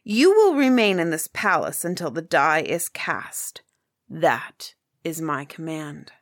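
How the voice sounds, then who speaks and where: A woman's voice: deep voice, big pitch swings, takes it slowly, dry recording, studio quality, heavily acted. A woman playing a hot-tempered king. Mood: imperious. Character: proud, quick-tempered male king.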